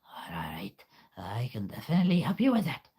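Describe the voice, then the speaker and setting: A man voicing a smug, menacing snake that taunts the listener in a low, drawling voice. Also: huge pitch swings, normal speed, dark tone, breathy edge, exaggerated voice.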